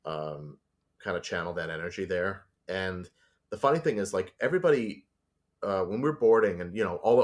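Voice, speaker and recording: Deep-voiced man telling animated stories. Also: creaky. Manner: animated storyteller, acts out voices. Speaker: storyboard artist guest. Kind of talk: casual interview.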